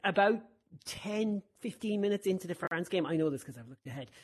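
Man, husky voice, playful joking podcast host. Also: sits high, animated, brisk. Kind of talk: casual chat.

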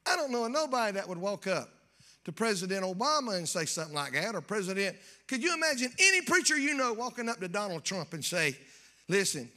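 A man preaching a folksy, joking sermon in church that builds to shouting. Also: sits high, big pitch swings, fast talker. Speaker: pastor.

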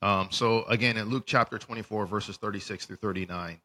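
A man co-hosting a casual faith podcast, animated and lively, who stumbles and restarts his words. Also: fairly low pitch, a little fast, long reverb tail. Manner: animated, acts out voices in retellings, restarts words. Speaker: podcast co-host. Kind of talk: casual faith discussion with scripture reading.

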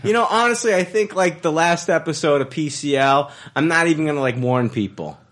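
A man's voice: on the high side, expressive, fairly quick, a bit bright. A man from the American Midwest hosting a podcast, rambling in brash, profane casual chat with many restarts. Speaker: podcast host.

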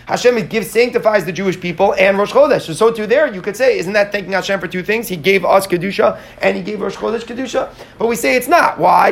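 A man's voice: sits high, vocal fry. A man teaching a live Talmud class to students in California, who asks questions and explains step by step, stumbling and restarting now and then.

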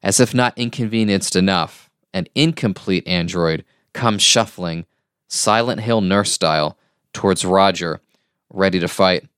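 Deep-voiced man reading a recap. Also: a little slow, a bit bright, smooth, no echo, studio quality. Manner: reads plot summary with casual asides. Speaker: podcast co-host. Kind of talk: casual chat, reading a plot recap.

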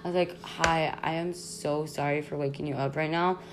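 A young woman hosting a podcast, telling a story in a casual, animated, slangy way, full of "like" and swearing. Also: low voice, normal speed, a little hiss or hum. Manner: animated, slangy, constant "like", swearing, laughs often. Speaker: podcast host.

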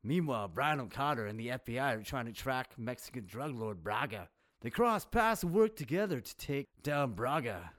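A man co-hosting a movie review podcast, chatting casually and laughing often between quick asides. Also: medium pitch, big pitch swings, fairly bright tone. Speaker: podcast co-host.

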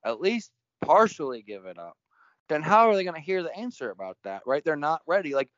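A man's voice: a little high, sing-song, a little fast, fairly bright tone, dry recording. A man hosting a casual spiritual conversation, playful and joking, laughing often. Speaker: podcast host. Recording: dull lo-fi sound.

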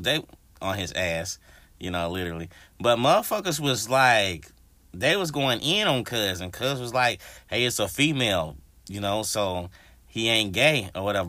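A man's voice: fairly low pitch, dry recording. A man hosting his own podcast, ranting casually and profanely to his listeners. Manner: profane, animated, addresses listeners directly. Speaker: podcast host. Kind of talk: casual solo podcast rant.

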